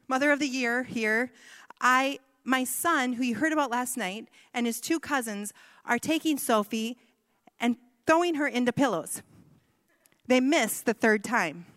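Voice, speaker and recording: A woman in her thirties tells a family story to a gathering, voicing the people in it and joking at her own expense. Her voice sits a little high, picked up close and dry but trailing a long hall reverb. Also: a bit bright. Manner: storytelling with self-deprecating humor and quoted dialogue. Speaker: speaker telling a personal story. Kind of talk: personal testimony talk.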